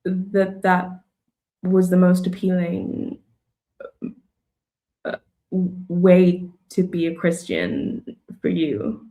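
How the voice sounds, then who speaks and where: Slow, gravelly-voiced woman musing aloud. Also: fairly low pitch, mellow. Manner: thoughtful, hesitant, full of ums and likes. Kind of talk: casual reflective conversation.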